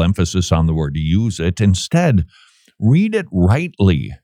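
A man talks with a sarcastic, joking edge and a lively, swinging pitch. He laughs often as he riffs with his co-host. The sound is close and dry. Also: measured pace, dry recording. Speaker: podcast co-host. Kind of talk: casual commentary.

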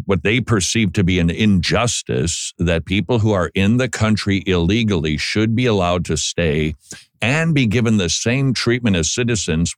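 A man's voice: deep voice, no room sound, clean studio sound. A man hosting a commentary show, talking straight at listeners in an emphatic, sarcastic way and stumbling over his words when he reacts. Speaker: commentary host. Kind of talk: political commentary monologue.

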